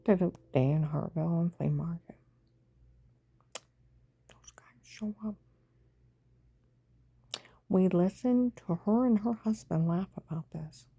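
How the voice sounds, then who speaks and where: A woman's voice: fairly low pitch, creaky, dark tone, slightly rough, no room sound, muffled recording. A woman telling a long, rambling story to camera, dropping now and then into whispered asides. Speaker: vlogger recounting events. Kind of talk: rambling monologue.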